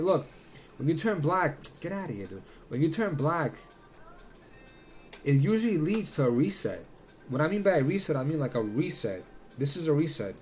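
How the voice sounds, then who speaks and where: A fairly high-voiced man walks through trading charts in a loose, conversational way, cursing freely and breaking into exasperated rants. Faint music plays underneath. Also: darkish tone. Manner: blunt, swearing, ranting. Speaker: crypto trading analyst. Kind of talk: casual chart analysis with rants.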